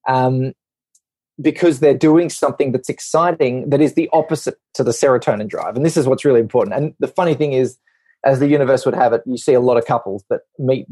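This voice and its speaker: A man with a dark, mellow voice explains things to a podcast host, and he is clearly a doctor. He talks with energy and drops into quick put-on voices for his examples. The recording is close and dry. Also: mid-range voice, no echo. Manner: animated, acts out little voices in his examples.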